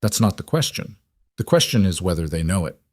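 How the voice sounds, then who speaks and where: A man playing a calm, reserved mafia boss who speaks in a measured, matter-of-fact way. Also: deep voice, dry recording, studio quality.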